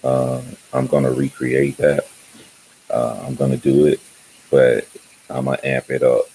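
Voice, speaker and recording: A man's voice: extremely low pitch, level tone, unhurried, mellow, slight background noise, poor audio. A man hosting his own channel, talking loosely and rambling in casual livestream chat, often laughing. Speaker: YouTube channel host.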